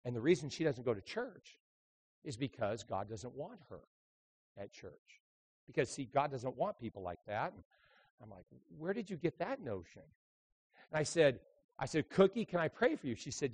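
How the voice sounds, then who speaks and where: A man, a traveling evangelist, preaching a sermon full of lively stories, dropping to quiet asides and then rising into loud, emphatic bursts. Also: medium pitch. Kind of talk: sermon with storytelling.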